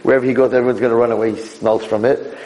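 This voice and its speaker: A man giving a Torah lecture as a rabbi, animated, his voice leaping high for emphasis. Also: rapid-fire. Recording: echoey hall.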